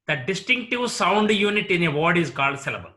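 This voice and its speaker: A man with an Indian English accent, teaching a lecture on word stress and repeating each example word slowly. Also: high-pitched, lively intonation, bright, forceful tone. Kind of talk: slow explanatory lecture.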